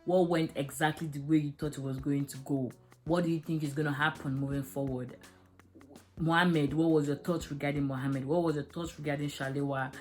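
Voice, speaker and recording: A woman's voice: sits low, fairly even intonation, brisk, darkish tone, soft background music. A young woman reviewing a drama episode, talking frankly and emotionally with many fillers. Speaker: series reviewer. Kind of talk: casual video review.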